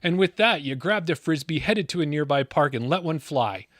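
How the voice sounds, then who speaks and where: A man hosting a podcast, telling a dramatic scripted story with big pauses, then chatting casually with his guest. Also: a little high, animated, fairly bright tone, no room sound, clean studio sound. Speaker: podcast host.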